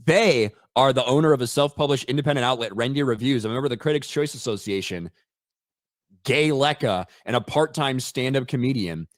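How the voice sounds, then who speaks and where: A man's voice: mid-range voice, fairly quick, no echo, studio quality. An American man co-hosting a casual commentary chat, matter-of-fact and wry, reading out bits of text. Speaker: co-host.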